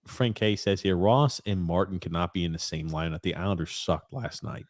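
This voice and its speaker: A man's voice: sits low, moderate pace. A man hosting a podcast, reading out listener comments and chatting casually about hockey with loose swearing. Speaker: podcast host. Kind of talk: casual sports chat.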